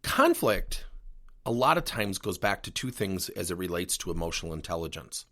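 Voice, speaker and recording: Gravelly-voiced man telling a lively story. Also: deep voice, moderate pace. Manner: animated storytelling with acted-out dialogue. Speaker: podcast host and workplace coach. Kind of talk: solo podcast monologue.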